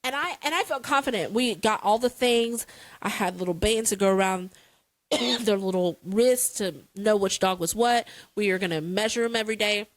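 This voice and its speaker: A woman's voice: mid-range voice, normal speed, no echo, poor audio. A woman co-hosting a casual chat, telling a story dramatically with playful exasperation. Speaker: podcast co-host.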